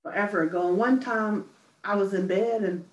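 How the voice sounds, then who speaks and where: A woman's voice: medium pitch, normal speed, highs cut off. A woman songwriter speaking earnestly in an interview, searching for her words and repeating key phrases. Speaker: guest songwriter and poet. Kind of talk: personal testimony in interview. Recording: roomy echo from a distant mic.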